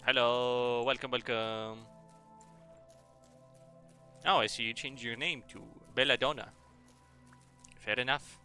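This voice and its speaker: A man from Russia with a mixed Russian, French and English accent, chatting playfully while streaming a game, rambling with bursts of excitement. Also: medium pitch, slow, pauses often, clean tone, soft background music. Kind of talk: casual gameplay commentary.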